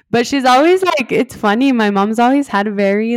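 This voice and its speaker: A woman's voice: fairly high pitch, expressive, moderate pace, hardly any pauses, dry recording, clean studio sound. A young woman from West Texas casually telling her own story, chatty and full of "like", acting out what others said. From West Texas, USA. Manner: chatty, heavy use of "like", acts out quoted dialogue.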